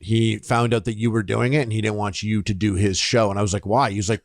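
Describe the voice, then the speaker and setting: A man's voice: lowish voice, little pitch movement, fast talker, dry recording, studio quality. A man hosting a podcast, telling rambling anecdotes full of fillers in casual chat. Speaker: podcast host.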